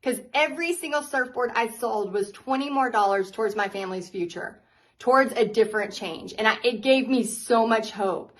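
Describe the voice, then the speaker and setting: A woman, a paint party instructor telling her story to viewers in a candid, animated way, laughing often. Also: a little high, normal speed, rough recording.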